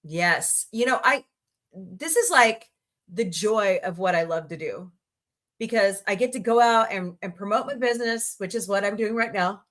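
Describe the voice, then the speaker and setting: A woman's voice: normal speed, fairly bright tone. A woman hosting a casual livestream, rambling happily, greeting viewers by name and laughing easily. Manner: chatty, rambling, reads chat aloud and greets viewers; laughs easily, voices reactions with sudden high squeals. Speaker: livestream host.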